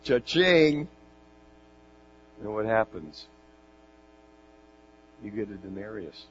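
A man preaching a sermon, reading scripture with animated, jokey asides and rhetorical questions. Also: on the low side, unhurried. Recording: dull lo-fi sound with mains hum.

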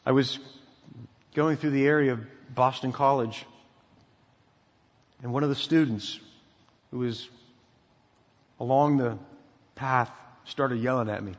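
A middle-aged pastor preaching a sermon, emphatic and preacherly, sometimes dropping to a quiet intensity. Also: male voice, mid-range voice, steady tone, measured pace, pauses often. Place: church sanctuary. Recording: dull sound in a reverberant hall.

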